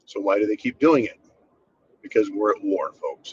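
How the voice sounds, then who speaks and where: An American man hosting a channel delivers a ranting commentary monologue that is blunt, profane and sarcastic. His voice is fairly low and very animated at normal speed, and the recording sounds slightly dull and lo-fi, with slight background noise.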